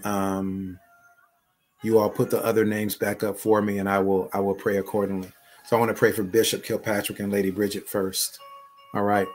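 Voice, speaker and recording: A man's voice: fairly low pitch, a little mellow. A middle-aged man, a bishop and online pastor, speaking in an emphatic, conversational way on a live prayer broadcast and repeating his phrases.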